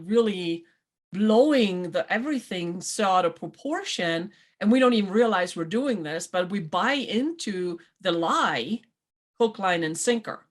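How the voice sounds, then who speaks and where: A woman hosting a talk show, chatting in a casual motivational way and acting out quoted voices with lively swings. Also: medium pitch. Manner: animated, acts out quoted voices. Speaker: podcast host.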